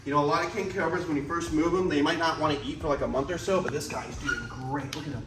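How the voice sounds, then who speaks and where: Talking fast with hardly any pauses, this snake-facility vlog host sounds eager and a bit winded as he addresses the camera casually. His voice is on the high side with a steady tone, music plays in the background, and the roomy, distant recording carries faint ambience.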